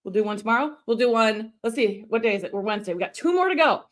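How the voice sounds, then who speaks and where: Woman, coach, live stream lesson, chatty, animated, quick asides, a bit high-pitched. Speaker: online video coach hosting a live stream. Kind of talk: casual live-stream teaching.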